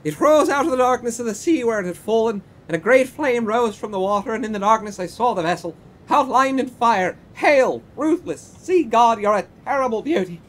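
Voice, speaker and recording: A man's voice: extremely high pitch, animated, a little fast, few pauses, fairly bright tone, voice pushed up, heavily acted. A man voicing a drunken old Irish dock porter, with a put-on Irish accent and a theatrical, sing-song, grandiose way of telling his tale. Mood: awed, dramatic.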